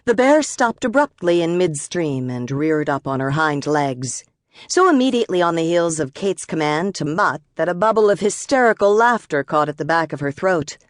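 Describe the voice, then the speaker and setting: Audiobook narrator: woman, low voice, measured and expressive, dry studio sound. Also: no echo.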